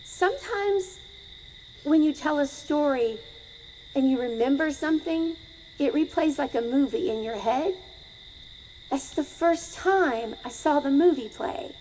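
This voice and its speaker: A woman's voice: high-pitched, lively intonation, a little slow, dark tone, a little hiss or hum, poor audio. A middle-aged woman telling a story live to an audience, conversational and asking them questions.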